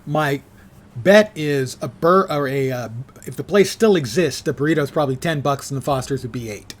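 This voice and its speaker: A man's voice: on the high side, normal speed. A man in his sixties streaming a game and chatting casually, with dry, self-mocking asides. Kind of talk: casual live gameplay chat.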